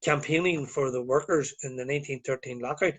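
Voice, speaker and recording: A man's voice: mid-range voice, brisk, slightly rough. A man with a Northern Irish accent, chatting as a guest on a live video call and telling stories in a rambling way with many fillers. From Northern Ireland. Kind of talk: casual chat.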